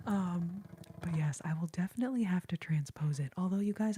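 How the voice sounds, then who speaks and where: Breathy whispering woman, ASMR chat. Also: on the low side, animated, normal speed, long pauses. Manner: soft whisper, chatty, giggly. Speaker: ASMR host.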